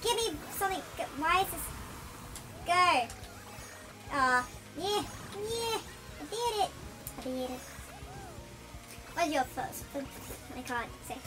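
Gaming host, chipmunk-shifted squeaky voice, chatty and excitable, loud game music underneath. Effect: chipmunk pitch-shifted voice. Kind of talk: casual let's-play commentary.

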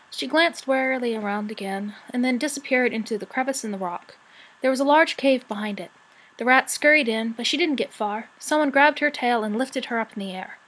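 Woman, storybook reader, expressive narration, slightly high voice. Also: a little fast, poor audio. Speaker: audiobook reader. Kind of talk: reading a novel aloud.

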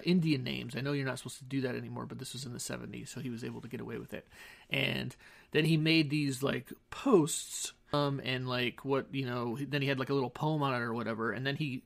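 A man's voice: medium pitch, vocal fry, fairly bright tone. A middle-aged man from Southern California hosting a podcast, telling childhood stories in a rambling, wry, self-interrupting way into a studio microphone. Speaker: podcast host. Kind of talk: casual storytelling monologue. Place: home studio.

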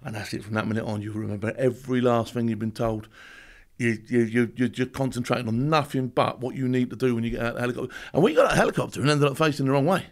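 Fast-talking man telling war stories. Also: medium pitch. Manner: fast, laughing anecdotes with acted-out shouts and quotes. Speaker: guest, former special forces soldier. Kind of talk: animated storytelling.

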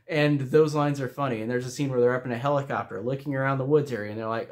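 A man's voice: medium pitch, fairly even intonation, fast, hardly any pauses. Man, mid-range voice, casual vlog film reviewer, rambling and filler-heavy, chatty and amused. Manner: rambling, with many fillers and restarts.

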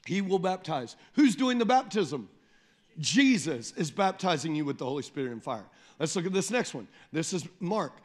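High-voiced emphatic pastor preaching. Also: male voice, big pitch swings, a little mellow. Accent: Midwestern American. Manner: emphatic, repeats phrases and calls on the congregation; slows down and lifts the voice when reading scripture. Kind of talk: sermon.

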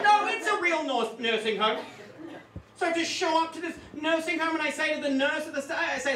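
Bright, high-voiced male stand-up comic. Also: moderate pace, some chatter behind, slight background noise. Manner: animated, swearing comic storytelling. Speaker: stand-up comedian. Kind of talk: live stand-up storytelling. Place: comedy club stage with audience. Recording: echoey club room, distant mic.

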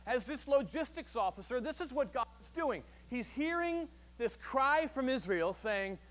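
A man with a rather high voice delivers a Sunday sermon at a church service. He talks conversationally, tosses questions out to the congregation and jumps into loud, vivid renditions of the people in his stories. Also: expressive, measured pace, hardly any pauses. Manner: conversational, asks the audience questions; acts out quoted voices with sudden loud bursts. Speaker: pastor.

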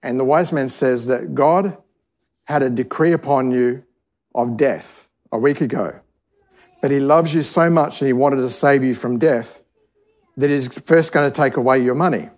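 A man's voice: medium pitch, moderate pace, a little mellow. A man preaching in a conversational tone. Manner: conversational storytelling with restarts. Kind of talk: sermon teaching. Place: church service.

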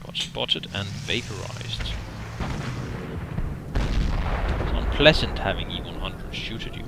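A man's voice: mid-range voice, measured pace, pauses often. A man giving casual, wry commentary over his own tank gameplay. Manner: wry, dry humor, self-deprecating. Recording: noisy game audio underneath.

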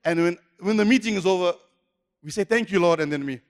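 High-voiced preacher in echoey hall. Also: male voice, quick pace. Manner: emphatic, repetitive preaching. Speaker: pastor. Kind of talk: sermon. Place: church hall.

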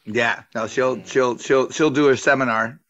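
A man's voice: medium pitch, steady tone, measured pace, fairly bright tone, highs cut off. A man co-hosting a podcast in casual chat, joking and telling long anecdotes with some swearing. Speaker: podcast co-host.

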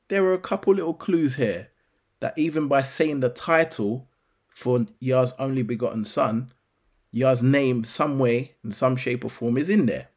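Slow, deliberate man teaching scripture. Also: mid-range voice. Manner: deliberate, rhetorical questions to the listener. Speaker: bible teacher.

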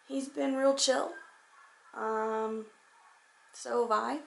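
A woman's voice: on the high side, steady tone, very slow, gravelly, pauses often, a little hiss or hum, rough recording. A young woman chatting casually in a holiday vlog at home, laid-back and laughing often, recording on a handheld camera. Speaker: vlogger. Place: house during a holiday visit. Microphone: handheld phone or camera.

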